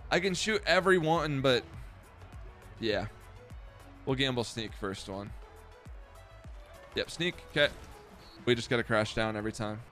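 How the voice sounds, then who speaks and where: A young man giving loud, profane, self-mocking commentary while streaming a football video game. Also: medium pitch, expressive, a little slow, pauses often, faint music behind. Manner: profane, self-mocking trash talk with sudden outbursts. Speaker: gaming streamer. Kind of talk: live gameplay commentary.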